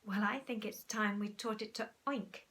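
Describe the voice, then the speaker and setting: A woman's voice: mid-range voice, fairly even intonation, normal speed, a bit bright, close to an everyday voice. A woman voicing an eager, polite young boy who talks in an earnest, pleading way.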